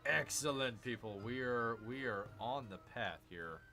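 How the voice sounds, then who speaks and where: Male game streamer, lively swooping delivery, bright voice, faint music underneath. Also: mid-range voice, measured pace. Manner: excitable, exclaims and addresses viewers as "people". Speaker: gaming streamer. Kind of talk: live game commentary, reading chat.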